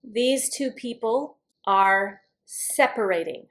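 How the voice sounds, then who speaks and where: A woman teaching English vocabulary, speaking words slowly and carefully to model their pronunciation. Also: on the high side, a bit bright. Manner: slow, careful pronunciation drills. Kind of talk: scripted vocabulary lesson.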